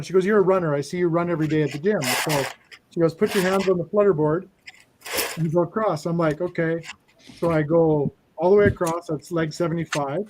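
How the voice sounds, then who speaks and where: Storytelling man, a bit high-pitched. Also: background noise. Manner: storytelling, animated retelling with quoted dialogue. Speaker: host. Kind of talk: casual chat.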